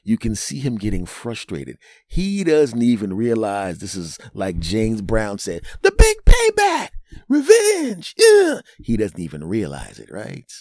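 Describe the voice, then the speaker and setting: A man's voice: fairly low pitch, lively intonation, measured pace, gravelly, hardly any pauses, warm tone, dry recording, studio quality. A man hosting a comedic podcast monologue, rambling through jokey asides and often tossing in a "right?". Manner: rambling, keeps asking "right?". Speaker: podcast host.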